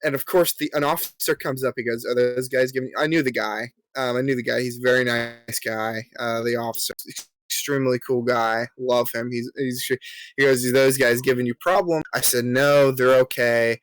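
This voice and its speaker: A man's voice: mid-range voice, fairly even intonation, moderate pace, no room sound. Young man, casual podcast storytelling, lots of ums, acts out the quotes, dry close sound. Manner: filler-heavy, polite, acts out quoted lines. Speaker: podcast co-host.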